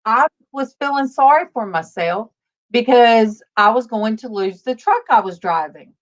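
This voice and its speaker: A woman hosting a casual faith-based livestream, telling stories slowly with many fillers over a video call. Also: a little high, expressive. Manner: rambling, warm storytelling with many fillers. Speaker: livestream host. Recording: dull lo-fi stream audio.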